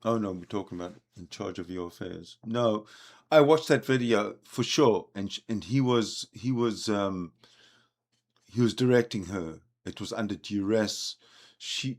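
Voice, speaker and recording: A man hosting a live stream, speaking haltingly with many restarts. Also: fairly low pitch.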